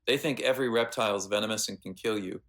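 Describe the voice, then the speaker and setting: An American man, a veterinarian guest, telling animated stories in a casual interview with plenty of fillers. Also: lowish voice, fast talker. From United States. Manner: animated anecdotes with lots of fillers.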